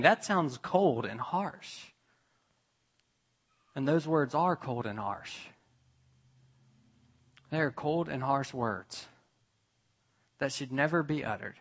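A man preaching a sermon to his church, slow and deliberate, building to emphatic, raised passages and dropping to quiet ones. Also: on the high side. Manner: slow, with long pauses, rising to emphatic peaks. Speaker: pastor.

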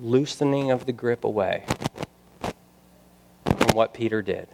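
A male pastor preaching a sermon, building to loud emphatic passages and dropping to quiet, pointed asides. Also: medium pitch, a little slow, creaky, very noisy.

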